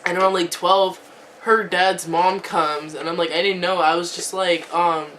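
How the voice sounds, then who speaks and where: A woman's voice: fairly low pitch, flat delivery, a little slow, a bit bright, far from the mic, slight background noise. A teenage girl telling a storytime vlog, chatty, filling her talk with "like" and "um". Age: teens. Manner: chatty, lots of "like" and "um", laughing asides. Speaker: vlogger.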